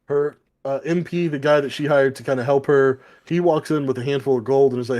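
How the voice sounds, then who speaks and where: A man's voice: mid-range voice, fairly even intonation, darkish tone. Rambling, profane man recapping comics. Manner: rambling, profane, acts out characters in quick asides. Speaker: podcast co-host. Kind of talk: casual comic book review chat.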